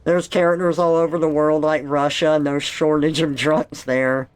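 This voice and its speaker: A man chatting casually while playing a video game, telling stories slowly with frequent laughter. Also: on the high side, flat delivery, clean tone, soft background music. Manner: slow, laughing storyteller. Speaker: streamer. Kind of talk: casual gaming chat.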